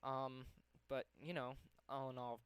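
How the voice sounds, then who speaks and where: A man's voice: medium pitch, level tone, a little slow, clean tone, no room sound. A young man live-streaming from home, slightly out of breath, rambling with lots of ums as he works. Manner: rambling, lots of ums, talks to himself while working. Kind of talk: casual live-stream chat.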